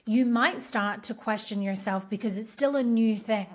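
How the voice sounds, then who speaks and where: An Australian woman hosting a podcast, talking in an earnest, encouraging and steady way on her own. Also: a little high, moderate pace. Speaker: podcast host. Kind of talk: reflective solo talk.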